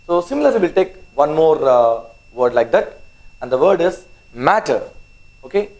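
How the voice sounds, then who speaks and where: A man's voice: a little high, darkish tone, rough recording. A man giving an online maths lesson, spelling out words letter by letter and checking in with the students after nearly every sentence. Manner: repeats "okay?" often, spells out words letter by letter; coaxing, urges students on. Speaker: maths teacher.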